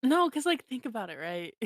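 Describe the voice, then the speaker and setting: A woman's voice: a little high, very animated, moderate pace, husky, dry recording. A young woman co-hosting a casual podcast, giggling and rambling with lots of filler words. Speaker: podcast co-host. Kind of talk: casual chat.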